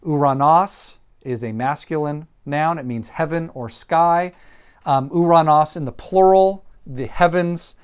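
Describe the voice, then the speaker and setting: Slow, deliberate male Greek teacher. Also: on the high side, smooth. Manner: slow and deliberate, repeats each word, frequent ums. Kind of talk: vocabulary lecture.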